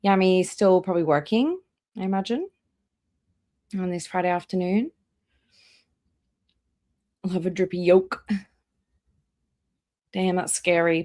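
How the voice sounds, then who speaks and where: A woman hosting a live reaction stream, chatting casually and reading out viewer names one by one with drawn-out welcomes. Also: fairly low pitch. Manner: drawn-out welcomes, trailing off quieter.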